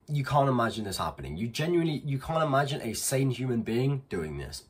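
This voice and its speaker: Husky-voiced man doing blunt reaction commentary. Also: mid-range voice, very animated, brisk, hardly any pauses. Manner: incredulous, blunt, swears freely. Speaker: reaction video host.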